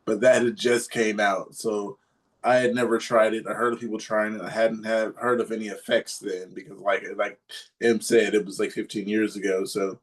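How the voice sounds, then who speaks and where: A man's voice: lowish voice, moderate pace. A man co-hosting a podcast, telling a story in a rambling, casual way with lots of fillers. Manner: rambling, many fillers, animated retelling. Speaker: podcast co-host.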